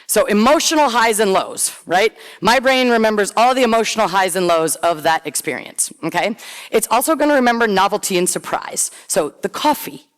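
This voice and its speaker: A middle-aged woman giving a conference talk, telling a story in a chatty, animated way and acting out what others said. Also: medium pitch, fairly quick. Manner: chatty, animated, acts out quoted voices. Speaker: conference presenter. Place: large conference hall. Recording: long hall reverb.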